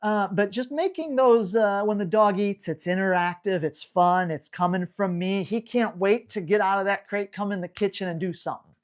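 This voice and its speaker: A woman dog trainer answering viewer questions in a live Q&A, in an energetic, emphatic, casual coaching manner. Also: mid-range voice, normal speed.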